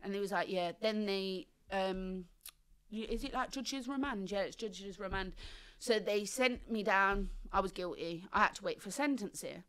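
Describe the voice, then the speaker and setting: On an interview podcast, a woman shares her life story with energetic, slangy talk, imitating the people she quotes. She speaks at normal speed in a medium-pitched voice.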